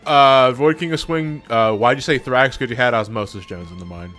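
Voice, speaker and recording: A man's voice: medium pitch, moderate pace, fairly bright tone, soft background music. A man joking around in casual gaming chat, sarcastic and swearing freely.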